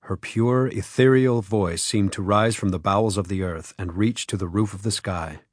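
A man reads an audiobook in a measured, even storytelling voice. His tone is low and slightly husky. The recording is dry and close, with no room sound. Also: no room sound. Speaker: audiobook narrator. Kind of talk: scripted narration.

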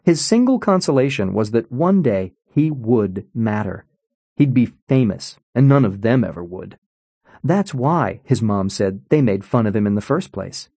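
A man narrating a novel in a wry, expressive storytelling manner. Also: on the low side, unhurried, husky, no echo. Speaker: audiobook narrator. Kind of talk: scripted narration.

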